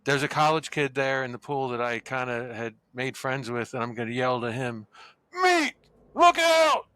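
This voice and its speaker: A man with a bright, clear, smooth voice plays a two-person tabletop game, tossing out story ideas and joking as he improvises. His pitch sits in the middle range. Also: little pitch movement, a little fast, no echo. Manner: playful, improvises story ideas, jokey questions. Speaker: player. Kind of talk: casual tabletop game play.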